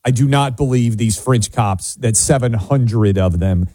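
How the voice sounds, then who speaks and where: A male radio talk show co-host from Nashville, bantering in a wry, opinionated way. His voice sounds dark and mellow. The studio recording is dry and close. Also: mid-range voice, measured pace, no room sound. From Nashville, USA. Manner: wry, opinionated, self-mocking.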